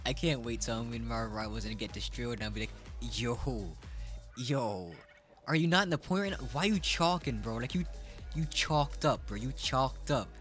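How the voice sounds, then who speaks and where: Lively joking male streamer. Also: on the low side. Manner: laughing, joking, animated. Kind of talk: casual reaction chat.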